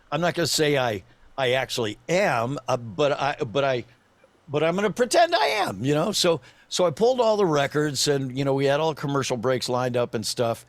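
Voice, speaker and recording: A man in his sixties, a voice actor and former radio DJ, telling a story as a podcast guest in an animated way, chuckling and slipping into other voices. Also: mid-range voice, dry recording. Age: 60s.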